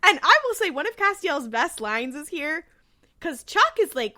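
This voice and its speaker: A woman co-hosting a podcast, casually recapping a TV episode in an animated way and acting out the characters' lines. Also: high voice, moderate pace. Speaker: podcast co-host.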